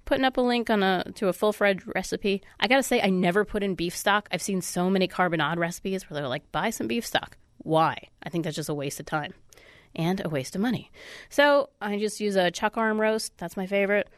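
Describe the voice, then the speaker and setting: A woman's voice: mid-range voice, brisk, no echo, clean studio sound. A woman hosting a radio food show, chatty and upbeat, with a stuffy nose. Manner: chatty, upbeat, self-deprecating. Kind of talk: casual radio food segment. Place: radio studio. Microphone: studio microphone.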